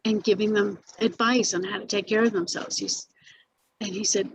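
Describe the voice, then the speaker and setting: This older woman, interviewed casually about her acting days, keeps restarting, filling pauses and laughing as she tells her stories. She speaks at normal speed with a medium pitch and fairly even intonation, on a low-quality recording with a little hiss or hum.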